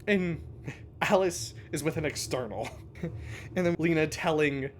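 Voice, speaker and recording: A man's voice: on the high side, unhurried, slight background noise. A man recapping and commenting in a casual, chatty way, laughing often and swearing now and then. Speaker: podcast-style episode analyst. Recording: music playing underneath.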